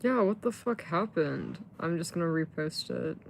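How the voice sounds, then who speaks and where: A woman's voice: lowish voice, sing-song, moderate pace, gravelly, a little hiss or hum. A woman livestreaming in casual chat, rambling with lots of fillers and swearing when frustrated.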